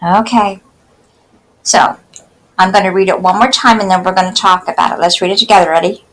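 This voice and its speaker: A woman teacher giving a phonics lesson to young children, speaking slowly and sounding out each word part clearly. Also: mid-range voice, steady tone, a bit bright, low-quality recording. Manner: slow, carefully enunciated, sounding out word parts.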